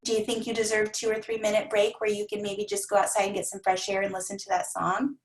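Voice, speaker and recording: A woman coaching a team of coaches in an energetic, repetitive manner, often acting out the voices of clients. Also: mid-range voice, quick pace, reverberant, poor audio. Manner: energetic, repeats phrases, acts out clients' voices.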